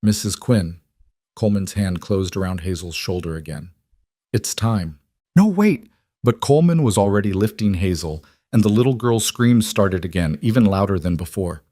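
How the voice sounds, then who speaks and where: Low-voiced man narrating a dramatic story. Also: fairly quick, hardly any pauses, dark tone, no room sound, clean studio sound.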